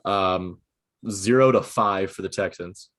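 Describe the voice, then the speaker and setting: Young guy on a video call, kinda low voice, steady, lots of ums. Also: slow pace. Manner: steady, runs through the list with fillers. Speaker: podcast co-host. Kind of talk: casual chat.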